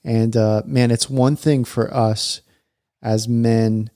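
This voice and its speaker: Choked-up man, flat mellow voice. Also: medium pitch, dry recording, clean studio sound. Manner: heartfelt, choked up, halting with fillers. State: emotional, close to tears. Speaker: podcast host. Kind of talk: casual podcast chat.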